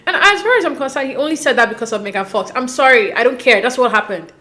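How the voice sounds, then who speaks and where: A woman hosting a casual recap of a dating show, chatty, opinionated and quick to laugh. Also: on the high side, expressive, pushed and bright. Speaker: reality show recap host.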